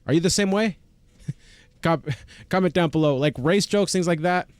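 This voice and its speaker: A man's voice: fairly high pitch, normal speed, clean tone, dry recording. A young man from Chile hosting a casual reaction video, chatty and easily amused. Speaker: reaction channel host.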